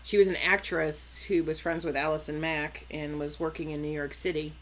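A woman with a notably low voice tells a long story in casual conversation. She talks loosely, stopping and restarting her sentences and filling pauses with "um" and "like.". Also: flat delivery, fairly bright tone. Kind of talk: casual chat.

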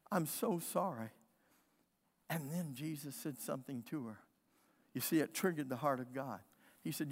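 A male pastor preaching a fervent Sunday sermon, often clearing his throat. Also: high voice, a bit bright, big-room sound.

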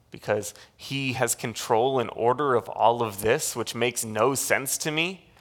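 A male pastor preaching a sermon, telling a story with lively energy, frequent restarts and short laughs. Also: medium pitch, unhurried.

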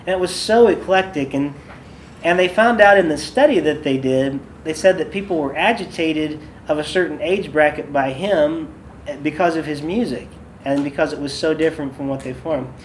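Chatty worship-leader man, slightly high voice. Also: moderate pace, a little hiss or hum. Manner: chatty, loose, with many fillers and asides. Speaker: worship leader and podcast host. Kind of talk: casual workshop talk with stories.

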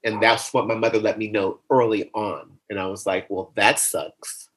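A man being interviewed in a casual conversation, talking in a playful, animated way that jumps into high comic voices. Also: brisk, breathy edge, rough recording. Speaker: interview guest.

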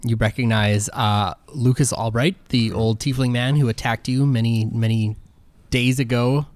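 A man narrating as game master of a tabletop game, relaxed with hesitant fillers. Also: medium pitch, normal speed, dry recording.

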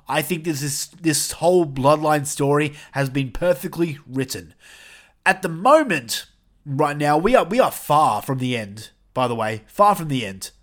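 A young man hosting a casual wrestling review podcast, animated and swearing, with jokey asides. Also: fairly high pitch.

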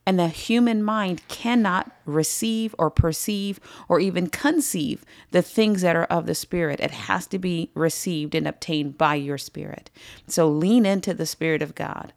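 Casual: low raspy lady teaching bible study, keeps stressing words, dry sound. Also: unhurried, darkish tone, no room sound. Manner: emphatic, repeats phrases for stress.

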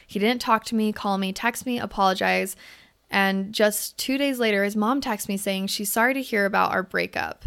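A young woman hosts a podcast, reading a listener's letter aloud and offering candid advice packed with swearing and fillers in a casual advice chat. Her voice is medium-pitched, gravelly yet smooth, with a fairly bright tone, and she talks at a normal speed.

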